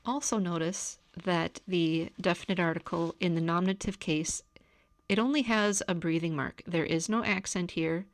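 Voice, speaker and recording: A woman giving a recorded grammar lecture, calmly explaining step by step. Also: lowish voice, normal speed, dry recording. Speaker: teacher. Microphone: camera.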